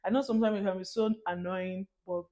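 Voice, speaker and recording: A young Nigerian woman with a Nigerian accent talks straight to her camera in a casual storytelling monologue. She is animated and laughs often. Now and then she slips into Nigerian Pidgin. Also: mid-range voice, fast. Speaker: vlogger.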